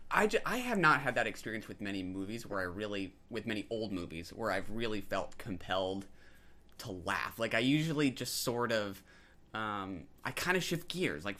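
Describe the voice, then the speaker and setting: A man's voice: on the low side, sharp tone. A man co-hosting a podcast, talking casually about films in a hesitant way, with many ums and restarts. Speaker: podcast co-host. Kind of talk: casual film discussion.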